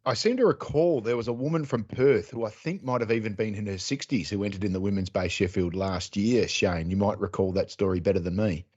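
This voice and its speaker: A man's voice: on the low side, brisk, few pauses, a little mellow, breathy edge. A man hosting a sports podcast, asking chatty, enthusiastic questions. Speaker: podcast host. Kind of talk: podcast interview. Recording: dull, muffled podcast audio.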